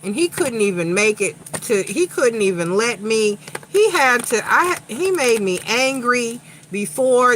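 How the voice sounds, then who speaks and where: A woman's voice: on the high side, fairly bright tone, slight background noise, rough recording. A woman from Long Island, New York with a Long Island accent touched by a slight Southern tinge, a tarot reader chatting bluntly and profanely during a casual livestream.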